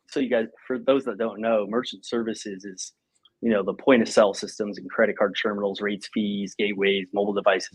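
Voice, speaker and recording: A man in his thirties, a guest on a podcast, telling a story in a casual, animated way and acting out what people said. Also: on the low side, breathy edge, poor audio. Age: 30s. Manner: animated, acts out quoted speech, laughs often. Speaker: podcast guest, company president.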